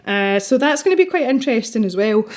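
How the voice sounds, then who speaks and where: A woman's voice: fairly high pitch, animated, fast, darkish tone. Chatty Scottish woman colouring on camera. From Scotland. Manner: chatty, rambling, laughs easily. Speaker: colouring channel host. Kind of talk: casual chat while colouring.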